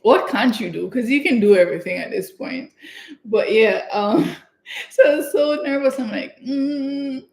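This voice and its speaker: A young woman from Canada, chatting excitedly and giggling as she hosts her own livestream. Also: on the high side, moderate pace, creaky. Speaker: livestream host. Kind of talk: casual livestream chat. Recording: echoey room.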